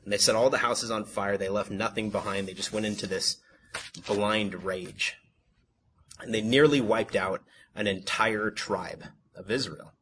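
A man's voice: lowish voice, measured pace, a bit bright, a little hiss or hum. A man reading Bible passages aloud and commenting on them, correcting himself and stammering with fillers as he talks. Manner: reads plainly, self-corrects, stammers with fillers. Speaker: Bible teacher.

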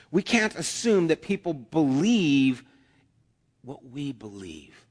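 A man preaching a conversational sermon as a pastor, with acted asides. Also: medium pitch. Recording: long hall reverb.

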